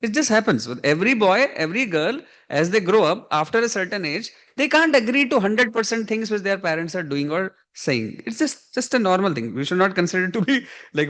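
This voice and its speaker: A man speaks in a fairly high voice as a spiritual teacher. He gives a devotional lecture built on personal anecdotes, acting out the dialogue in them and laughing softly between points. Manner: storytelling, acts out quoted dialogue, frequent soft laughs.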